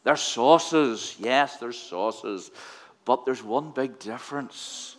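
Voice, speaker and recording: In a mid-range voice, a man takes his time with a playful children's address in a church service, asking the kids questions as he goes.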